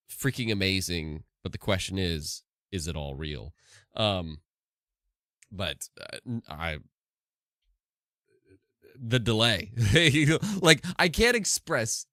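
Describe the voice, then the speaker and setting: A man's voice: sits low, a bit bright, no room sound, studio quality. A sleep-deprived man streaming live, chatting casually and rambling with many restarts. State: tired from no sleep.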